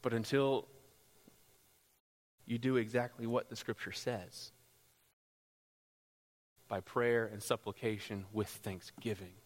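A man preaching a sermon as pastor, rising into loud, impassioned passages. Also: fairly even intonation, takes it slowly, long pauses. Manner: builds to loud, high-pitched pleading passages. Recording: long hall reverb.

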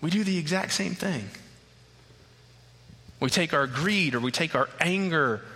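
A man delivers a sermon, telling the story plainly before building to impassioned intensity. His voice is sharp and very bright. It rings out with a long reverb, as in a large hall. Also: fairly high pitch, expressive, measured pace. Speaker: preacher.

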